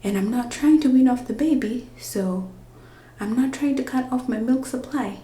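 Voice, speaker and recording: A woman's voice: on the high side, normal speed, mellow, reverberant. A woman vlogging in a rambling, chatty way, often dropping to a whisper so she won't wake a napping baby. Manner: rambling, chatty, with many fillers. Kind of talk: casual vlog.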